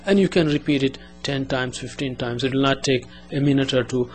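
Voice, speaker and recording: A man teaching a language lesson, explaining step by step and drilling words slowly with repetition. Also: medium pitch, slight background noise.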